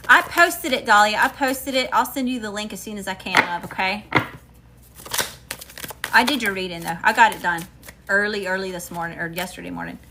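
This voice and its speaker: A woman's voice: medium pitch, bright, forceful tone. A woman from Mississippi with a Southern accent, giving a chatty, emphatic tarot reading to her viewers. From Mississippi, USA. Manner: chatty, emphatic, slangy with frequent "y'all" and "okay?". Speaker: tarot reader.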